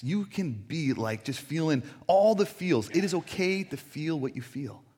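A man preaching a sermon as a pastor in a church, talking in a casual, conversational way with frequent fillers. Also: mid-range voice.

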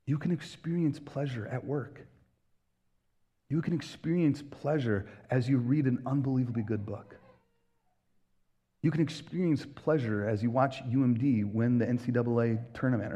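A man's voice: mid-range voice, dark tone, breathy edge, lo-fi sound. A man hosting a podcast, delivering an earnest, emphatic preaching-style monologue and acting out quoted voices. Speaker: podcast host, pastor.

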